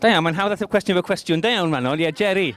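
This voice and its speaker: Welsh man, high voice, fast talker, hosting a street chat and mixing two languages. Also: fairly bright tone. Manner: switches between Welsh and English mid-sentence. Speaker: host. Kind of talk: bilingual street discussion.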